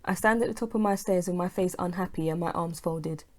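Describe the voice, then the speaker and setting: A woman's voice: lowish voice, fairly quick. A woman, the author, narrating her own romantic comedy novel in first person. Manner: plain, steady reading, dialogue voiced with mild feeling.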